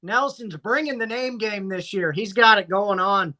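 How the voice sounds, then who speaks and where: A man co-hosts a casual fantasy sports podcast, recapping matchups in a dry, teasing announcer style. His high voice is bright and forceful, and he speaks at a moderate pace.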